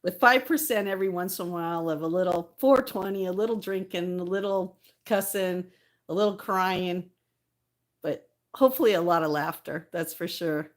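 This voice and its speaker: A woman's voice: lowish voice, normal speed. A middle-aged woman chatting casually on a live stream, laughing often and answering viewers by name.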